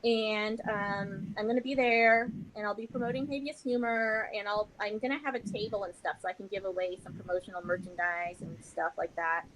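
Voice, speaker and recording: A woman's voice: medium pitch, fairly even intonation, moderate pace, few pauses, fairly bright tone, a little hiss or hum, rough recording. A woman as a podcast guest, chatting in a rambling, self-deprecating way. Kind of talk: casual chat.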